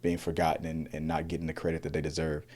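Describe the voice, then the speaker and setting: A man's voice: a bass voice, monotone, fast, a little mellow. A man in his forties co-hosting a casual movie review podcast, rambling with many restarts and fillers. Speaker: podcast co-host.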